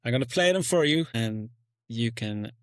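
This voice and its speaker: A man's voice: medium pitch, expressive, normal speed, no echo. An Irish man in his forties co-hosting a podcast, talking casually and often repeating words as he thinks. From Ireland. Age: 40s. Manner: hesitant, repeats words while thinking aloud. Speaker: podcast co-host. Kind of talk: casual chat among friends.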